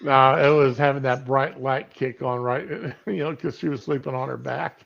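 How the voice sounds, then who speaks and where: A man's voice: mid-range voice, fairly even intonation, normal speed, gravelly, fairly bright tone. A man chatting casually on a stream, rambling with fillers as he talks about cooking and home life. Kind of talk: casual chat. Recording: lo-fi stream audio.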